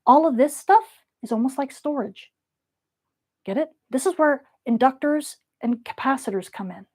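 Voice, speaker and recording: A woman teaching a lecture with playful, lively explanations. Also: high-pitched, normal speed.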